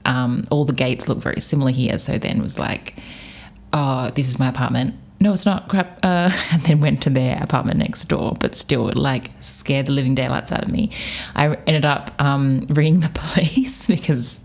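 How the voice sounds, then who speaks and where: Australian woman, low voice, chatty podcast host, laughs a lot, casual storytelling. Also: normal speed, creaky, a little mellow. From Perth, Australia.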